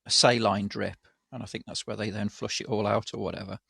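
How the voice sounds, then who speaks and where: A man's voice: on the low side, little pitch movement, fairly quick, gravelly, pushed and bright, breathy edge, no echo, clean studio sound. A man co-hosting a casual podcast chat, rambling through stories and acting out the voices of the people in them. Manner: rambling storyteller, acts out quoted voices, laughs often. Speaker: podcast co-host.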